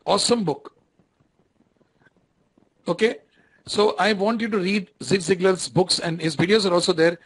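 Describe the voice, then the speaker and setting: A lecturer with an Indian English accent speaks to his online class in a rather high voice. He talks conversationally, repeating phrases and often stopping to ask if the students are following. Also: fairly even intonation, normal speed, long pauses, slightly rough, low-quality recording.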